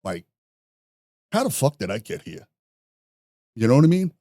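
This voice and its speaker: A man, a podcast guest telling rough stories in a profane, animated way, laughing at his own jokes. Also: mid-range voice, moderate pace, dry recording, studio quality. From New York. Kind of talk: casual storytelling.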